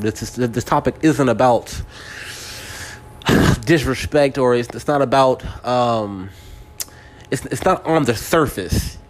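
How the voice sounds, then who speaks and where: A man in his forties from California, hosting a casual monologue, speaking straight to the listener and often repeating and restarting his words. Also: medium pitch. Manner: talks straight to the listener, seeking agreement. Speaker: podcast host.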